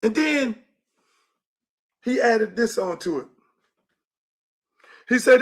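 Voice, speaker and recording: A middle-aged man, hosting his show and ranting angrily about a coach in a profane monologue that rises into shouts. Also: very high-pitched, lively intonation, slow pace, pauses often. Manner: angry, profane, rising to shouts. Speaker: show host and youth football coach. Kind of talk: heated monologue.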